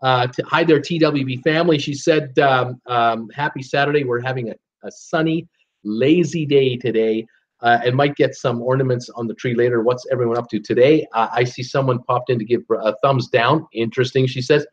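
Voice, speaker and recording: A man's voice: mid-range voice, normal speed, dull audio. A man hosting a live stream, casually reading viewer comments aloud with lots of fillers and restarts. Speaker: host reading live chat.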